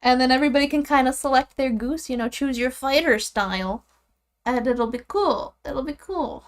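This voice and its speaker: A young woman chatting casually and giggling as she draws, rambling and often trailing off quietly. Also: sits high, normal speed. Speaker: streamer drawing goose characters. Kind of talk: casual chat while drawing.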